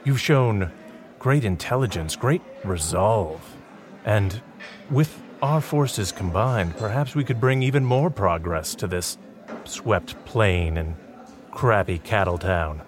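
A man voicing a scheming rail company boss who talks in a slow, pompous way. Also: on the low side. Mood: persuasive.

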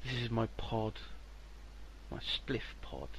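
A man's voice: lowish voice, very animated, gravelly, heavy background noise. A man co-hosting a podcast, joking crudely and slipping into silly voices. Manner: jokey, crude, quick to slip into silly voices. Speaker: podcast co-host. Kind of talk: casual podcast banter.

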